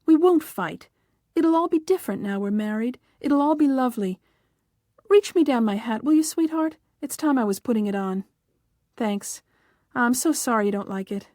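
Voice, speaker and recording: A woman's voice: on the high side, expressive, dark tone, no room sound, clean studio sound, natural voice. A woman reading a fretful young bride. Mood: touchy. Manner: fretful, hurt, quick to take offense. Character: young newlywed bride, touchy and anxious.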